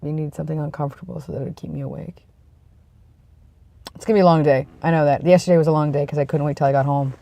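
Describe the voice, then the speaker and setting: A vlogger with a cold, sniffly and tired, chatting casually to the camera in a rambling, self-deprecating way that trails off into low mumbles. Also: fairly even intonation, fast talker, gravelly, dark tone. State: sick with a cold, sniffly and congested; tired and yawning.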